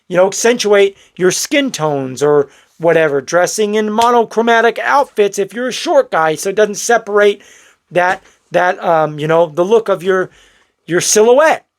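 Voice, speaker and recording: A man talking straight to his viewers in a blunt, preachy vlog commentary, calling them bro. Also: high-pitched. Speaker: vlogger. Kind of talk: direct-to-camera commentary.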